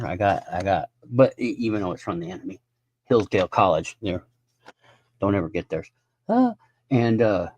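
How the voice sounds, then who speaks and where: A man's voice: lowish voice, a little mellow, dry recording. A man in his fifties ranting in a casual live stream monologue, profane and rambling. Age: 50s.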